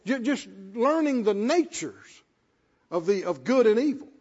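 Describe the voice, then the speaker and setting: Man, pastor, sermon, high husky voice, echoing church hall, muffled recording. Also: sing-song, unhurried, darkish tone. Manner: emphatic, repeats phrases for stress, asks the congregation questions. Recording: dull lo-fi sound with long hall reverb.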